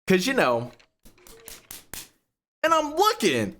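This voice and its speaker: A young man, casually telling a profane, animated story while playing a game. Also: unhurried. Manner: profane, animated storytelling, rising pitch when retelling outrage. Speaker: gaming YouTuber. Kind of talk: casual storytelling over gameplay.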